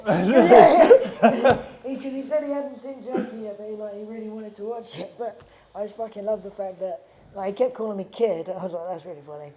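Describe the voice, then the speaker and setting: A man's voice: sits high, steady tone, fairly quick, hardly any pauses, a crowd in the background, poor audio. A man chatting as a guest in a tattoo studio. He tells stories casually, swears freely and laughs often. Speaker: actor guest. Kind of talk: casual chat.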